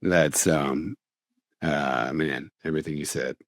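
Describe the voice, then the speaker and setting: A man co-hosting a podcast who speaks reflectively, searching for words and laughing softly. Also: rumbling low, fairly even intonation, slow, no echo, clean studio sound. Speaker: podcast co-host. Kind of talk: conversational podcast chat.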